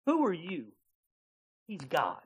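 A man preaches with a high, bright voice. His sermon is folksy and animated, full of laughter, and he acts out little scenes as he goes. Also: takes it slowly, husky. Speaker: pastor.

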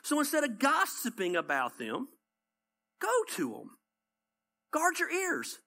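Animated Southern pastor preaching. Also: male voice, very high voice, takes it slowly. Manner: animated storytelling, repeats points for emphasis. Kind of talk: conversational sermon.

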